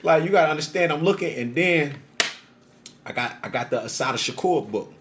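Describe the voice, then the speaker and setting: A man telling a rambling, profanity-heavy personal story on a livestream, animated and emphatic, often acting out the voices he quotes. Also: fairly quick, noisy background. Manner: acts out voices in quotes, pitch jumping up. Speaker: social media livestreamer.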